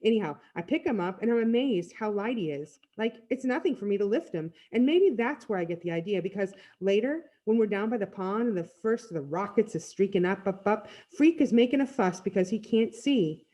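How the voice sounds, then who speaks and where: A woman reads a chapter book aloud, narrating in first person. Her pitch is in the middle range for a woman and swings widely as she tells the story. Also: animated, a little fast, few pauses, dark tone. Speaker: reader.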